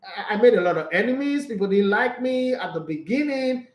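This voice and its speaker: Outspoken high-voiced Nigerian man. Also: expressive, a little fast, roomy sound, poor audio. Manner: outspoken, emphatic, opinionated. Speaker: sports talk show host. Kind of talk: casual sports commentary, reading viewer comments.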